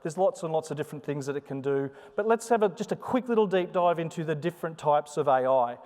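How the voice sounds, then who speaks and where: A man's voice: on the high side, fast talker. Sing-song man presenting in a hall. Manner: chatty, joking, animated delivery. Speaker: conference presenter. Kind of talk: live conference talk with demo. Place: conference hall. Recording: long hall reverb.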